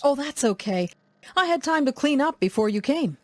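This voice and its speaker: Lady reading an english lesson dialogue, slow and careful, a bit high, lively ups and downs, dry sound. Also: no room sound. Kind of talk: scripted conversation for learners.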